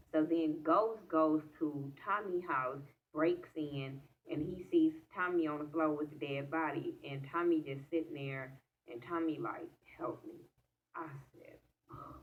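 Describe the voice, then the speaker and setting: Low-voiced woman excitedly recapping an episode. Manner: excitable, profane, talks straight to viewers. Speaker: TV episode reviewer. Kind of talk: casual recap vlog. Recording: tinny phone-like audio from off-mic.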